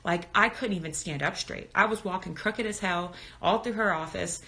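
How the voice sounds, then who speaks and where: Chatty woman in her thirties, bright voice. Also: fairly low pitch, normal speed. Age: 30s. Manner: candid, talkative, reads comments aloud. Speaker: birth educator on Instagram live. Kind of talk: casual live-stream chat. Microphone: phone.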